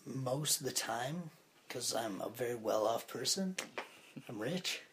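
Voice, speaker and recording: Giggly young man, lively voice. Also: medium pitch, measured pace. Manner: giggly, playful, laughs often. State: sick. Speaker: podcast co-host. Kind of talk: casual chat.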